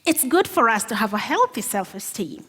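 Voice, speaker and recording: High-voiced woman preaching in an echoing hall. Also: big pitch swings, moderate pace, pushed and bright, slightly rough. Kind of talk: sermon. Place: church hall. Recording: long reverb of a hall.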